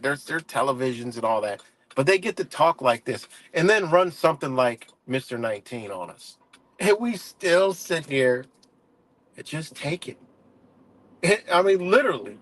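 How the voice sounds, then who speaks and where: A man's voice: a little high, a bit bright. A man hosting a casual livestream, ranting heatedly and profanely with lots of fillers and restarts. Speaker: livestream host.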